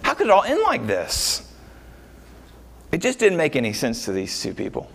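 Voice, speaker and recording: Male pastor mid-sermon, lively up-and-down delivery, casual asides and rhetorical questions. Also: a little high, moderate pace, gravelly. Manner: animated, rhetorical questions, frequent uh fillers.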